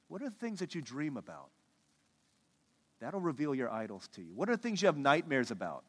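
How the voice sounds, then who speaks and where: A man preaching a sermon, animated, acting out the voices of the people he quotes. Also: fairly high pitch, normal speed, husky, long reverb tail. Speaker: pastor.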